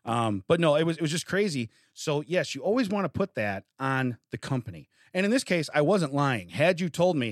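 A man's voice: on the high side, big pitch swings, fairly quick, hardly any pauses, no room sound, clean studio sound. A man co-hosting a casual podcast, telling a long complaint story and acting out his phone calls. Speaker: podcast co-host. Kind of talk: casual chat.

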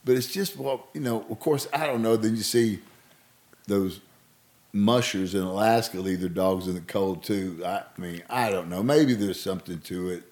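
Southern American man, very deep voice, rambling and hesitant chat. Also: normal speed. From Arkansas, US South. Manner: rambling, hesitant, soft-spoken asides. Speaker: podcast co-host. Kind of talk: casual chat.

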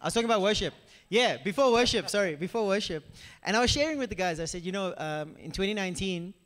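Young guy pastor, fairly high voice, chatty sermon, lots of "you know", big echoey church hall. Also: fast. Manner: chatty, animated, many asides to the congregation. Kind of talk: conversational sermon.

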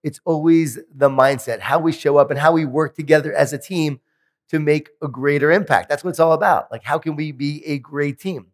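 Animated male keynote speaker in a reverberant hall. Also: on the high side, a little fast. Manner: animated storytelling with self-deprecating humor. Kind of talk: motivational keynote speech. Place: large conference hall.

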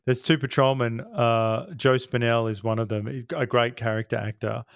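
A man's voice: medium pitch, steady tone, normal speed, gravelly, smooth, no echo, clean studio sound. A man hosting a podcast, chatting casually about a film in a rambling, enthusiastic way with many restarts. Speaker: podcast host. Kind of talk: casual film review chat.

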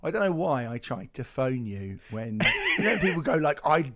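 Hoarse man hosting a podcast. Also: medium pitch, very animated, normal speed, a bit bright. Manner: jokey, self-mocking banter with laughs. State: hoarse, recovering from lost voice. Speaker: podcast co-host. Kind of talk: casual chat.

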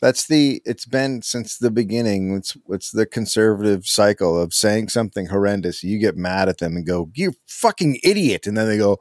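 A man co-hosting a podcast, talking in a sarcastic, profane, animated way. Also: fairly low pitch, moderate pace, few pauses, dry recording, studio quality. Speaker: podcast co-host. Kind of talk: casual chat.

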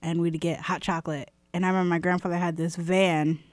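A woman's voice: lowish voice, little pitch movement, fairly quick, no echo. A young woman co-hosting a podcast, telling personal stories in a wry, jaded, casual way. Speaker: podcast co-host. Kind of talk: casual chat, storytelling.

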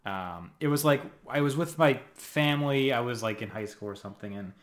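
Soft-spoken man in casual chat. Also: medium pitch, animated, brisk. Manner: quiet, brief backchannel replies. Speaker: podcast co-host.

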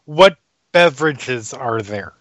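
A man's voice: medium pitch, animated, slow pace, fairly bright tone, no echo, poor audio. Wry man player, dry sound. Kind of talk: casual tabletop game chat.

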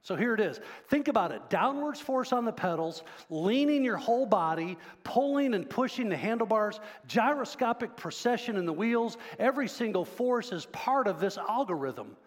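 A man's voice: sits high, animated, moderate pace, few pauses, in a large hall. A man preaching a sermon as pastor, talking conversationally and quizzing the congregation. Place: church sanctuary.

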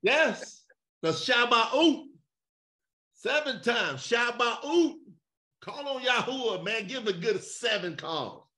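A man preaches with fire over a video call, leaning on rhetorical questions and call-and-response. His voice sits high and bright and swings widely in pitch as he shouts his points. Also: expressive, slow. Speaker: preacher leading an online gathering.

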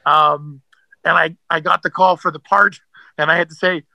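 A man's voice: a little high, steady tone, moderate pace, creaky, bright, forceful tone, no echo, rough recording. A man, an actor, telling stories as a guest in a casual interview, rambling with many fillers and restarts.

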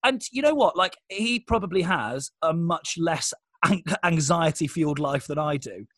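A man, a comedian, telling quick self-deprecating stories in a casual podcast chat, with lots of fillers. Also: a little high, animated, a bit bright, no room sound. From Britain. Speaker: comedian and guest.

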